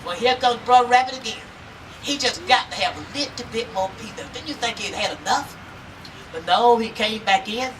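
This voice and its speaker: At an outdoor festival in a town square, a woman tells a folk tale to a live audience, bright and lively, speaking straight to her listeners. Her voice is a little high at a normal speed, captured by a distant mic with faint background noise.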